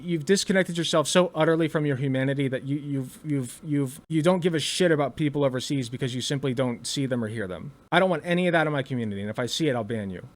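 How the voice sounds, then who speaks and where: A man giving blunt, heated commentary, swearing freely and stumbling over restarts when worked up. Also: fairly high pitch. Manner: blunt, profane and emphatic. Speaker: political commentator.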